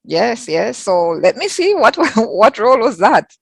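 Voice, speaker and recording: A Jamaican woman hosts an interview in a fairly high, very animated voice that's a little slow, creaky, and breathy-edged. She affirms her guest's answers, repeats their phrases, and offers many backchannels.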